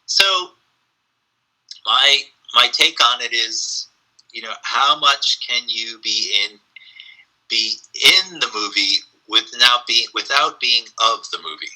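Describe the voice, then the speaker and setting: A man with a very bright, sharp tone chats as a podcast guest. He muses on ideas and slips into lively storytelling, throat-clearing and saying "um" as he goes. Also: mid-range voice, takes it slowly, long pauses, rough recording. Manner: animated storyteller, frequent fillers. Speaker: podcast guest, spiritual teacher. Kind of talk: casual reflective conversation.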